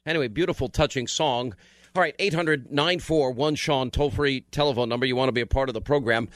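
A man's voice: mid-range voice, brisk, fairly bright tone, dry recording, clean studio sound. A man hosting a call-in radio show, joking and folksy while giving callers advice. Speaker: radio talk show host. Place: radio studio.

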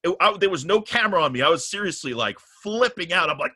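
A middle-aged man casually telling a long story on a podcast, animated and profane, getting riled up as he goes. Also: high-pitched, fast talker, few pauses, no room sound.

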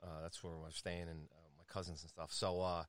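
A man's voice: low voice, flat delivery, fairly quick, dry recording. A man from New York telling rambling, chuckling anecdotes in casual conversation, with many restarts.

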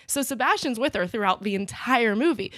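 A woman's voice: fairly high pitch, lively intonation, a little fast, fairly bright tone, no echo, clean studio sound. A woman co-hosting a casual podcast chat, explaining plot points in a wry, critical way. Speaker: podcast co-host. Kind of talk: casual chat about a musical.

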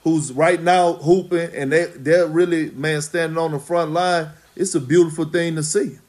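A man talks as a retired basketball player in a loose podcast conversation. His voice sits a little high for a man. He talks slowly and emphatically, with blunt, profane phrasing. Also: steady tone, darkish tone. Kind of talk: casual podcast chat.

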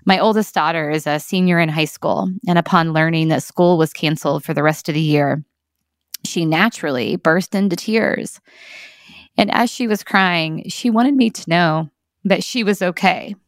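A woman in her forties hosting a daily encouragement talk, speaking gently and earnestly, with easy laughs. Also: lowish voice, moderate pace, dry recording, studio quality. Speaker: podcast host.

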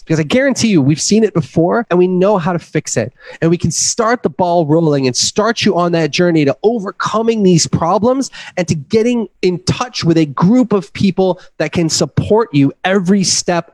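A man co-hosting a business podcast, talking in an earnest, motivational way and pitching listeners to book a call. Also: a little mellow, no room sound. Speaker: podcast co-host. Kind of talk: casual business podcast talk.

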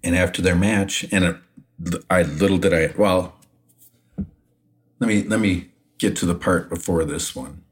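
A man co-hosting a podcast, telling a backstage anecdote in a casual, animated way and laughing often. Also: deep voice, measured pace. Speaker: podcast co-host, retired wrestler. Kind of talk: casual storytelling.

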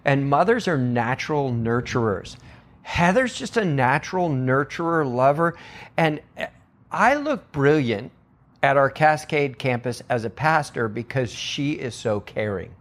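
An earnest male pastor speaks on a podcast in an easy, mid-pitched voice. He tells his stories with conviction and leaps into other people's voices to act out what they said. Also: animated, unhurried. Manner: earnest storyteller who acts out quotes with big pitch jumps. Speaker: church pastor, guest. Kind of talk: podcast conversation.

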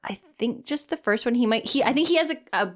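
A woman's voice: fairly high pitch, expressive, fast talker. Rambling woman telling a story. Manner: rambling, filler-heavy, self-mocking. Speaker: podcast guest. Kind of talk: casual comedic storytelling.

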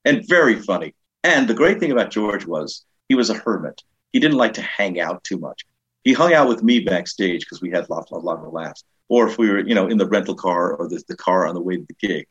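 An older man with a New York accent, a comedian telling lively show-business stories in an interview, acting out the voices of people he quotes. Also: low voice, a little fast, husky, muffled recording. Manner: animated, acts out quoted voices, frequent restarts. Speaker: comedian and guest. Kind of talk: casual anecdotal storytelling.

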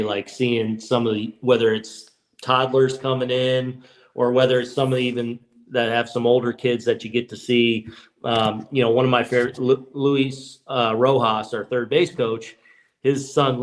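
Man telling stories in relaxed chat. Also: mid-range voice. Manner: relaxed, many restarts and "you know"s. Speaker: baseball manager and guest. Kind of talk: casual podcast storytelling.

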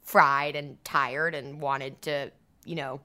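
A woman with a bright, slightly low voice talks on a podcast. She muses aloud, hedging often with "I think" and "I don't know". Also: steady tone, slow pace. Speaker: podcast co-host. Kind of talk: casual chat.

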